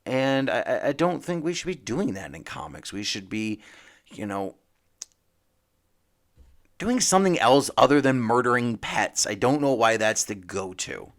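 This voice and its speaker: A man's voice: medium pitch, sing-song, unhurried. A man hosting a casual comic book podcast, rambling and emphatic, with frequent restarts. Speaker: podcast host.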